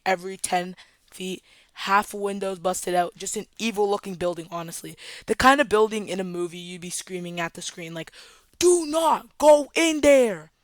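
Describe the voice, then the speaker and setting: A young adult vlogger telling a storytime tale in a casual, dramatic, animated way. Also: medium pitch, dry recording.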